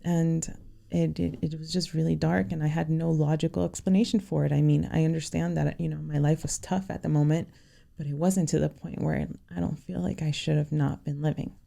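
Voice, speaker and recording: Low, gravelly-voiced woman telling her story. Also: steady tone, dark tone. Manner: sincere, halting, many "you know" fillers. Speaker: podcast guest. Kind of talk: personal storytelling.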